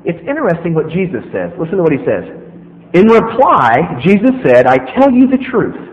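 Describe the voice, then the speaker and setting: Animated preacher in an echoey hall. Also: male voice, fairly high pitch, normal speed. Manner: animated, acts out quotes in a casual voice. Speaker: pastor. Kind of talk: sermon. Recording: echoey hall, slightly dull sound.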